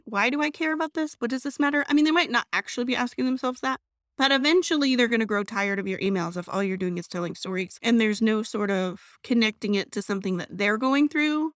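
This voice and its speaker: A chatty woman hosts her own podcast, her voice sitting a little high. She talks casually and with animation, as if to a friend. The sound is close and dry, with no room around it. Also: fairly bright tone, no echo. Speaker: podcast host. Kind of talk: casual solo podcast talk.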